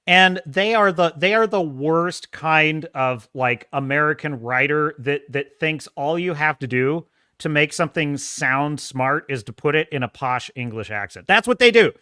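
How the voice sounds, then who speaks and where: A man's voice: a little high, measured pace, clear, resonant tone, no room sound, studio quality. A man hosting a podcast, ranting mockingly with frequent laughs. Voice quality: mocking, animated, laughs often. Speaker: podcast host. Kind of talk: ranting commentary.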